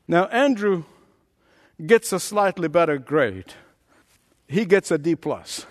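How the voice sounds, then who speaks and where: Dramatic preacher with a high voice. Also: male voice, animated, slow, pauses often, in a large hall. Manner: dramatic preaching, swings from booming to hushed. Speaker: pastor. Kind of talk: sermon.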